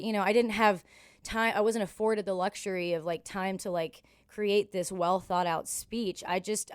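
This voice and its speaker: A woman's voice: lowish voice, clear, resonant tone, no echo, clean studio sound. A woman from Canada in her thirties, a singer telling road stories in a casual interview, candid and profane, acting out the voices in her stories. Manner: candid, profane, animated in quoted dialogue. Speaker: country singer, podcast guest.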